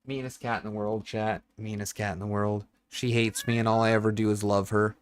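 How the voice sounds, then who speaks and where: A man's voice: on the low side, flat delivery, a little fast, clear, resonant tone. A young man streaming a building game from home, blunt and rambling, swearing a lot and talking to his chat and his cat on a desk microphone. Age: young adult. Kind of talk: casual livestream chat while gaming.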